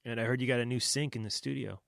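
A man's voice: medium pitch, steady tone, quick pace, gravelly, fairly bright tone, no echo, clean studio sound. A man co-hosting a podcast, wrapping up an interview and plugging an upcoming show. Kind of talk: casual interview.

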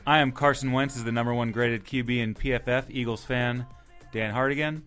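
A man's voice: mid-range voice, fairly even intonation, fairly quick, a bit bright, soft background music. Upbeat man introducing his co-hosts. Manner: upbeat, introducing guests in mock-grand style. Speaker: podcast host. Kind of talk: podcast introduction.

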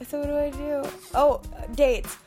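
A woman with a high voice co-hosts a podcast in loose banter. She is playful and giggly. Music plays clearly behind her. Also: level tone, measured pace, a little mellow. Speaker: podcast co-host.

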